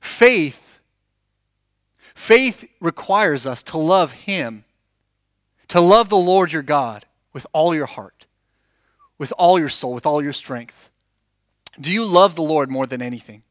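In church, a pastor with a slightly high voice preaches a conversational sermon, speaking slowly with frequent pauses and clean studio sound, no echo. He tells stories animatedly, acts out quoted dialogue, and asks the congregation questions.

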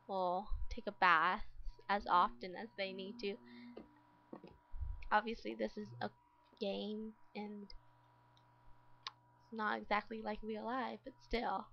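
A woman's voice: medium pitch, flat delivery, slow pace, vocal fry, long pauses, dull audio. A woman giving casual gameplay commentary as a let's play host, exasperated and talking to the game characters.

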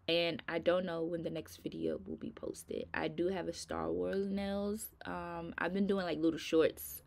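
Middle-aged woman, casual vlogger, tired and rambling, fairly low voice. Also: creaky, fairly bright tone. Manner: chatty, rambling, informal, addresses viewers as y'all. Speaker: nail vlogger. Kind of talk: casual chat to viewers.

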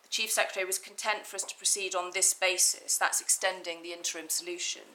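A woman's voice: fairly low pitch, steady tone, fast talker, sharp tone, slight background noise, poor audio. A woman barrister making methodical legal submissions in an appeal courtroom, reading from documents with some restarts.

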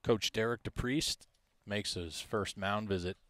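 Male play-by-play caller for school baseball, slow and steady, low register, reads numbers. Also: dry recording. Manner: measured, stat-heavy, self-deprecating asides. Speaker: play-by-play announcer. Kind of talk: high school baseball commentary.

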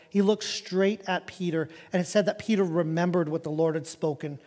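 A high-voiced male pastor preaches in an animated, conversational way and often doubles back on his words. His voice rings with the long reverb of a church hall. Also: normal speed, hardly any pauses. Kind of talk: sermon. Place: church sanctuary.

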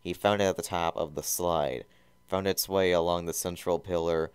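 A man's voice: low-pitched, steady tone, moderate pace, clear, resonant tone, no room sound. A man giving a mock-serious comedic reading of a fan fiction, often stumbling and correcting himself.

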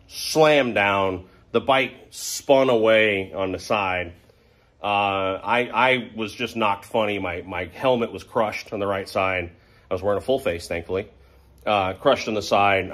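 Low-voiced man telling a crash story. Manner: rambling, self-mocking, animated when quoting others. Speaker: motorcycle vlogger. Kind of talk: casual storytelling.

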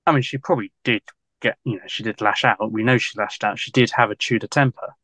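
A man's voice: lowish voice, fast talker, a bit bright, no room sound. A man, a guest historian in a casual podcast interview, talking in a loose, rambling way full of fillers and frequent laughs.

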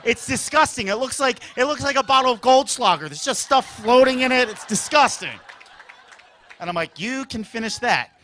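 Male stand-up, high bright voice, very lively delivery, shouty character bits, faint room noise. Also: moderate pace, some chatter behind. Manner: animated storytelling, acts out characters with sudden shouts. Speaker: stand-up comedian. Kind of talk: stand-up comedy routine.

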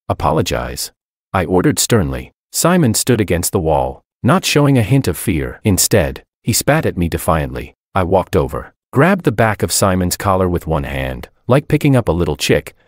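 A man's voice: low voice, sing-song, normal speed, few pauses, dry recording. A man narrating a first-person story in a dry, matter-of-fact way.

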